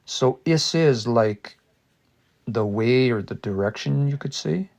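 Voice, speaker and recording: A man studying a language on a casual livestream, thinking aloud and sounding out new words slowly and repeatedly. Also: medium pitch, vocal fry, a little mellow. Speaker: language teacher.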